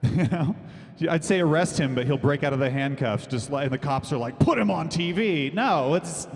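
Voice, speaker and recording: A man's voice: mid-range voice, moderate pace. A man doing a rambling, self-deprecating stand-up comedy set at an open mic, laughing between his jokes. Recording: long hall reverb.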